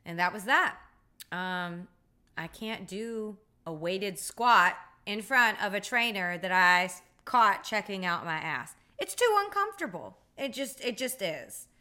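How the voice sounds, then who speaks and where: Woman, podcast host, bright tone, blunt, profane, wry casual monologue. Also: medium pitch, slow pace.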